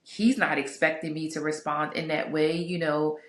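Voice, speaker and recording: A candid, chatty woman speaks to her viewers in a casual vlog, her voice sitting a little low. She rambles warmly through asides and fillers. The sound carries a noticeable room echo. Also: little pitch movement, moderate pace. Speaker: vlogger sharing a couples Bible study. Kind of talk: casual reflective talk to camera. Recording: echoey room.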